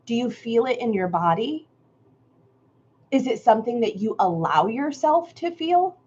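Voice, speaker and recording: A woman's voice: on the high side, expressive, measured pace, darkish tone, husky, muffled recording. A woman hosting a live creative workshop stream, greeting viewers by name and musing reflectively on their comments.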